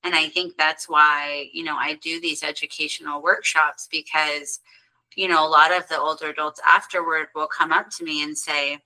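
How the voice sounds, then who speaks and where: Low bright-toned woman educator. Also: flat delivery, normal speed, rough recording. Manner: earnest, explains with examples. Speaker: mental health workshop educator. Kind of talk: conversational interview.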